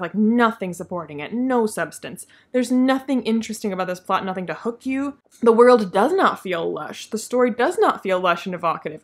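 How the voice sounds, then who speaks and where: A woman talks casually through the books she read this month. She is opinionated and candid and laughs often. Her tone is relaxed, like an unscripted video diary. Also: mid-range voice. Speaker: book reviewer. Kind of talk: casual monthly reading wrap-up.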